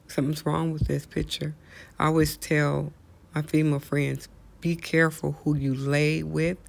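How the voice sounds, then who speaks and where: Male host, impassioned solo rant, gravelly voice pitched slightly high, preachy. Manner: outraged, preachy, rhetorical questions. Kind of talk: impassioned monologue.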